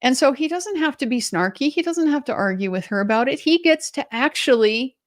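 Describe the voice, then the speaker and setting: A woman's voice: sits high, lively intonation, a little fast, dry recording, clean studio sound. A middle-aged woman, an attorney, giving sardonic, pointed live commentary on a trial and sometimes mimicking the people she discusses.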